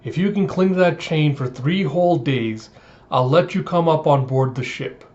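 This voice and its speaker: A man voicing a huge, gruff old male pirate captain who speaks slowly and firmly. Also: a little high, darkish tone, close to an everyday voice. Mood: stern. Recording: dull lo-fi audio.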